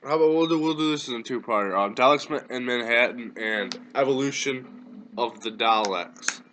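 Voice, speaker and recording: A man's voice: mid-range voice, normal speed, fairly bright tone, a little hiss or hum. A man casually co-hosting a review chat, hesitant and full of ums and restarts, sounding tired. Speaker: co-host reviewing a TV series.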